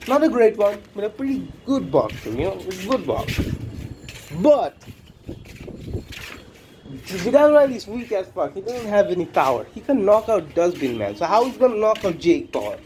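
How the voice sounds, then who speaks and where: High-voiced guy ranting about fights, blunt and sweary, faint noise in the background. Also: sing-song, normal speed. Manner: blunt, profane, repetitive. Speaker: combat sports commentator. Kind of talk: casual opinion monologue.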